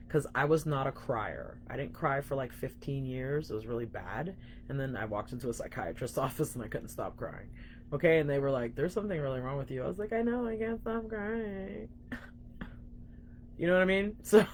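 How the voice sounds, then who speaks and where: A woman's voice: very deep voice, darkish tone, a little hiss or hum. A young woman coaching viewers in a frank, emphatic live-stream talk, swearing casually and calling them guys. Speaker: spiritual coach.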